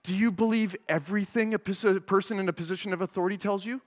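A man's voice: high-pitched, quick pace, close to an everyday voice. A man acting out a furious male schoolteacher who barks orders at his class, heard in a reverberant church hall. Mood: cold calm. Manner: shouting commands, then icily calm.

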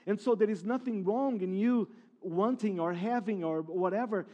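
High-voiced emphatic male preacher. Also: normal speed, highs cut off. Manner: emphatic preaching with repeated phrases and restarts. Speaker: pastor. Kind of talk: sermon.

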